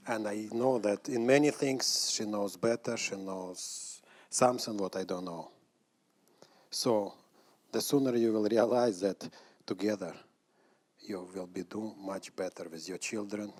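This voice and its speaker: A man's voice: on the low side, a little mellow. A man giving earnest advice to other husbands at a church seminar. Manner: earnest, advising. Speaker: co-speaker at a parenting session.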